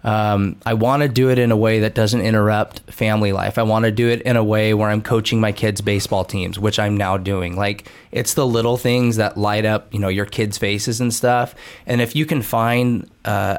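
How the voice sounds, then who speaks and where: A man in his thirties, a coach talking as a guest in a podcast interview, earnest and reflective, often restarting his sentences. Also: on the low side.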